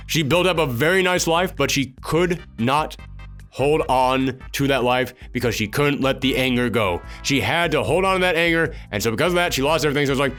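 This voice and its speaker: Man, game reviewer, emphatic, ranting, fairly high voice, faint music behind. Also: a bit bright. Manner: emphatic, ranting, acts out quoted reactions. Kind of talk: opinionated spoiler discussion.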